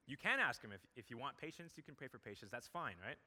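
Pastor, male, conversational sermon delivery with earnest emphasis, bright forceful tone, reverberant church hall. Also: mid-range voice, very animated, quick pace.

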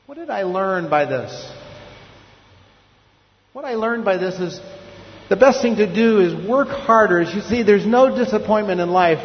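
A middle-aged man preaches with a high, lifted voice, turning his own failings into questions for his listeners. The sound is dull and lo-fi. His words ring out in a long hall reverb over a faint hum of room noise. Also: expressive, a little slow, pauses often. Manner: reflective, confessional, rhetorical questions. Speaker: pastor. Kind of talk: sermon.

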